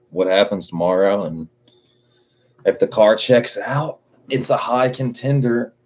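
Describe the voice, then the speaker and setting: A man's voice: lowish voice, warm tone, highs cut off. A man streaming and chatting casually, laid-back and profane, reading chat comments aloud.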